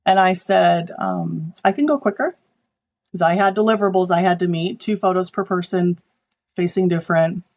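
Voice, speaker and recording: A woman photographer, a guest on an interview show, telling animated stories about client work and acting out the people she quotes. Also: lowish voice, normal speed. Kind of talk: conversational interview.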